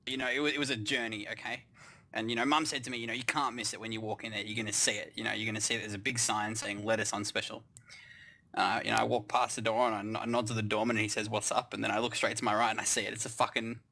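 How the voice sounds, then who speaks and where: Fast-talking Australian man telling a sweary comic story. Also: fairly low pitch, level tone, vocal fry, bright, forceful tone. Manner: swears constantly, mock-grand, exaggerating. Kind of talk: comic storytelling, profane and rambling.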